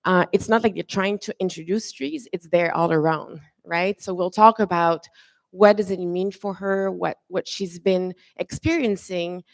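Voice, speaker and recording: A woman moderating a conference panel, chatty and warm to her guests, with many fillers and restarts. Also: on the low side, steady tone, measured pace, gravelly, dry recording. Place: conference room.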